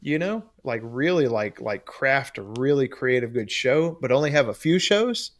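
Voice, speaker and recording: A man's voice: medium pitch, expressive, moderate pace. A man co-hosting a casual trade podcast, talking in a loose, rambling way and laughing often. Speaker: podcast co-host. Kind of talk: casual chat.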